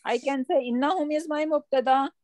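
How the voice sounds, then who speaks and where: A woman with a high, slightly mellow voice moves fairly quickly through an online grammar lesson, patiently explaining and putting questions to her students. Nothing of the room comes through; her voice sounds dry and close.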